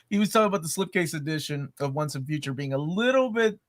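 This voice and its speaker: Bright-voiced joking man. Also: fairly high pitch, very animated, normal speed, dry recording, studio quality. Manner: joking, chatty, laughs often. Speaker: co-host. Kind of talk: live Q&A chat.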